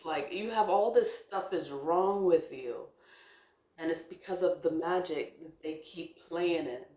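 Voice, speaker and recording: Woman in her forties, lowish voice, emphatic, laughs and swears, echoey room. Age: 40s. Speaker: spiritual content creator. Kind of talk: casual monologue.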